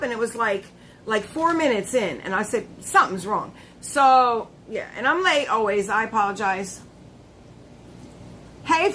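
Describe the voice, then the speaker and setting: A woman's voice: sits high, bright, forceful tone, a little hiss or hum, poor audio. A woman hosting a casual live stream, chatty and laughing often, greeting her viewers by name.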